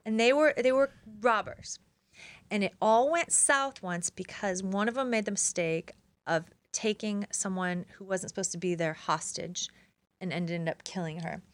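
A woman's voice: normal speed, no room sound. A woman, a former crime reporter, telling stories as a guest in a casual interview, acting out quotes with big jumps in her voice. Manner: animated, acts out quotes with big pitch jumps.

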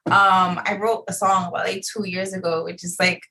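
A woman's voice: lowish voice, little pitch movement, normal speed, sharp tone, rough recording. A woman in her thirties, chatting hesitantly as a guest, often trailing off with fillers. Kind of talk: casual chat. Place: home studio booth.

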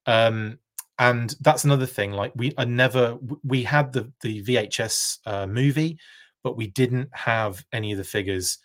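British guy, live stream host, casual chat, rambling anecdotes, mid-pitched voice. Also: normal speed. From United Kingdom. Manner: rambling anecdotal storytelling with tangents.

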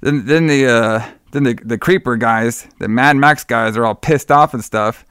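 A man's voice: mid-range voice, normal speed, fairly bright tone, clear, resonant tone, dry recording, studio quality. A man co-hosting a podcast in a casual movie-review chat, rambling, laughing often and swearing freely. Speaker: podcast co-host.

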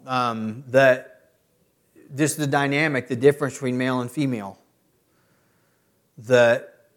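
A middle-aged man preaching a sermon as a pastor. He often builds to loud, emphatic peaks. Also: mid-range voice.

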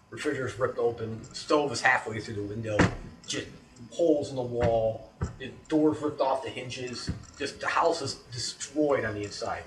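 A man telling a creepy story in casual talk, acting out the scenes with sound effects and often checking in with "right?". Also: mid-range voice. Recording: roomy echo, distant mic, faint background noise.

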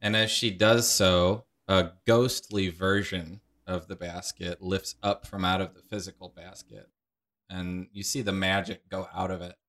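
A man narrating a tabletop game as game master, calm and measured with frequent fillers. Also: deep voice.

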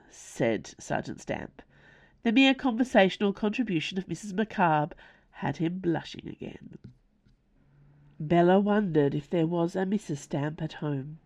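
Expressive, gravelly woman narrating. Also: lowish voice, a little slow. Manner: expressive storytelling. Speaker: author reading her own novella. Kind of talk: scripted narration.

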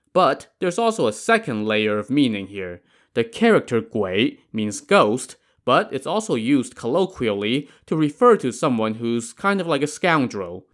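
A man's voice: medium pitch, fairly bright tone. A man narrating a classic tale in a conversational, wry storytelling style with casual asides. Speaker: podcast narrator.

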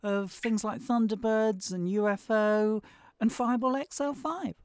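A woman's voice: on the high side, a little slow, a little mellow, no echo. A woman hosting a podcast, chatty and prompting her guest with questions. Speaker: podcast host. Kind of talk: casual interview chat.

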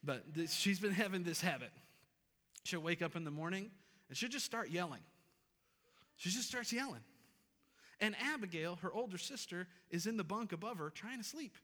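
A pastor in his thirties delivers a sermon, earnest and emphatic, driving points home by repeating phrases. His voice sits somewhat high and rings bright and forceful. The sound carries the long reverb of a church sanctuary from a stage mic. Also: lively intonation, moderate pace, pauses often. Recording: reverberant hall.

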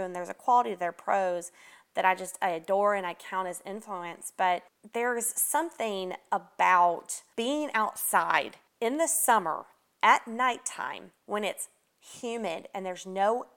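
A woman from Atlanta, chatting as an author guest in a casual interview, animated and quick to laugh. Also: mid-range voice, smooth. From Atlanta, Georgia. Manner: animated, laughs often, restarts words.

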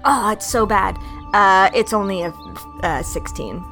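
A woman's voice: mid-range voice, a little slow, bright, forceful tone. A woman playing in a tabletop game, mischievous and giggly. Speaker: player. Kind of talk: casual tabletop game play. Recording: faint background music.

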